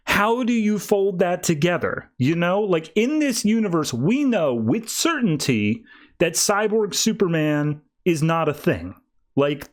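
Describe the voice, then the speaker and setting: A man on a podcast retells a comic book plot in a loose, chatty way. His voice sits a little higher than most men's. He slips into quick character voices mid-sentence without really changing his sound. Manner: animated retelling, voicing characters in quick asides. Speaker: podcast host. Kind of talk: casual comic recap.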